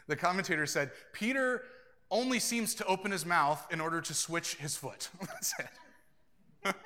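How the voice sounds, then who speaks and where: A pastor delivers a sermon with a bright, forward voice that sits a little high for a man. He preaches earnestly, switching into animated quoted voices and breaking into easy laughter.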